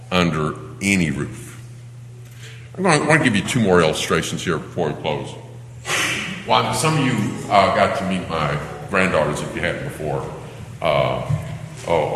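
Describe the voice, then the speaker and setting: An older pastor delivers a sermon in a lower register with a bright, forceful edge. He tells family stories in an animated way, his pitch swinging widely. His voice rings out in a large reverberant hall, with faint noise behind him. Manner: animated storytelling, acting out children's cries.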